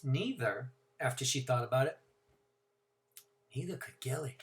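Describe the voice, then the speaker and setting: A man teacher reading a novel aloud to his class, with expressive, dramatic emphasis. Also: mid-range voice, unhurried, slight background noise.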